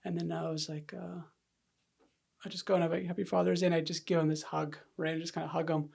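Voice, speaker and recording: Man with a gravelly voice telling a story. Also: on the high side, a little fast. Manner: candid, animated, acts out quoted voices. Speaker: podcast guest. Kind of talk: personal storytelling. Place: podcast studio.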